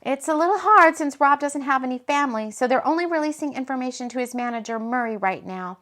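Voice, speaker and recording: A woman's voice: high voice, quick pace. A woman doing a soothing Reiki healer. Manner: soothing, steady, reassuring. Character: calm, caring female Reiki healer friend.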